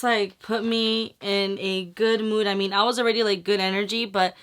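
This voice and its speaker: Casual makeup vlogger woman, bright forward voice, rambly and slangy, curses a lot. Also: mid-range voice, steady tone, moderate pace, few pauses, slight background noise. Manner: chatty, rambling, slangy, swears freely. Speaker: beauty vlogger. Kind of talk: casual makeup tutorial chat.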